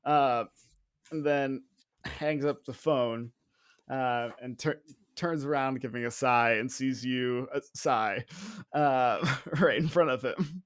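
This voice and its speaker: A man narrating a tabletop mystery game as game master, halting and full of fillers, laughing often. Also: mid-range voice, smooth, no room sound, clean studio sound.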